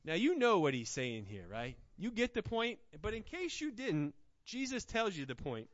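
A man preaching a sermon as pastor, swinging from loud, punchy emphasis to hushed, slow delivery. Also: sits high, huge pitch swings, no room sound. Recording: slightly dull, lo-fi sound.

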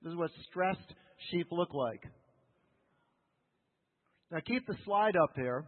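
A man preaching a sermon as a pastor, animated, often asking his listeners questions. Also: a little high, slow pace, pauses often. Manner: animated, asks the congregation questions. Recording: phone-like sound with long hall reverb.

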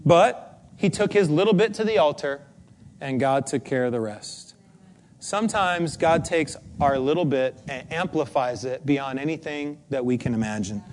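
Animated high-voiced man preaching. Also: moderate pace. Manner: animated storytelling, chatty, uses fillers. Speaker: pastor. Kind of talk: sermon. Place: church.

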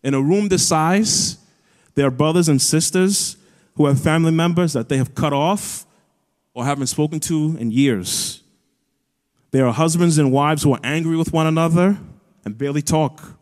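Pastor guy preaching, kinda high voice, earnest, lots of hall reverb. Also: moderate pace, darkish tone. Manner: earnest, builds to raised emphatic peaks. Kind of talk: sermon. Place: church auditorium.

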